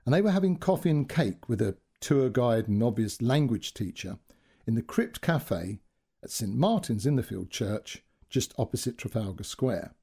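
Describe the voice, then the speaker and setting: A man's voice: mid-range voice, very animated, moderate pace, warm tone, slightly rough. A man telling a wry, anecdotal story as a storyteller. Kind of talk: storytelling narration.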